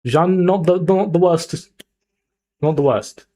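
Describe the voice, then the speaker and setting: Streaming live, a young man speaks slowly in a dark-toned voice on the high side. He chats casually with his viewers, gets them hyped, and talks to chat as he chooses a team.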